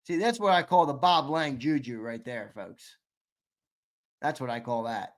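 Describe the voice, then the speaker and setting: A man co-hosting a live sports stream, running a giveaway shuffle, reading viewer chat and shouting out winners, swearing casually. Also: mid-range voice, unhurried. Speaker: sports show co-host.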